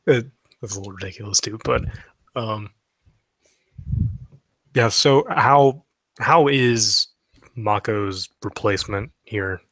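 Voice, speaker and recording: A man with a lowish voice asks relaxed, curious questions in a casual podcast conversation. He nudges things along with short replies. The recording is close and dry. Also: slow pace, pauses often, no room sound. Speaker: podcast co-host asking questions. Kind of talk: casual interview chat.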